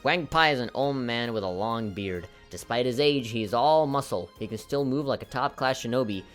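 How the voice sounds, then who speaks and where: A man's voice: mid-range voice, expressive, normal speed, soft background music. A man commentating a video game as its host and reading its text aloud, breaking into giggly, apologetic laughing fits. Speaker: let's play host.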